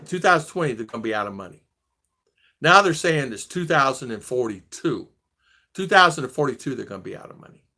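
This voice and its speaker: This American man in his sixties vlogs in an easygoing chat, wandering through stories, frequently starting over and trailing away. He speaks briskly in an animated, mid-range voice that sounds bright and forceful.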